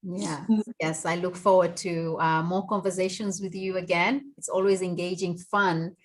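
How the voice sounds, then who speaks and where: A woman's voice: on the low side, flat delivery, normal speed. A woman hosting a radio talk show, thanking and affirming her guests with some restarts. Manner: warm, affirming, with fillers and restarts. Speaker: host.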